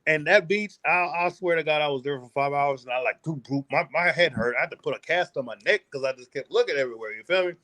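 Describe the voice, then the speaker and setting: A man's voice: on the high side, fast, hardly any pauses, dry recording. Boastful, slangy man from the United States. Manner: boastful, animated, slangy storytelling. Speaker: podcast guest, travel vlogger. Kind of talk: casual interview chat.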